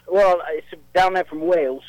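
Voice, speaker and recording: Man doing a cheeky Cockney-style pub bloke, mock British accent, slightly high voice, dry phone-line sound. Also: normal speed, no echo. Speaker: caller.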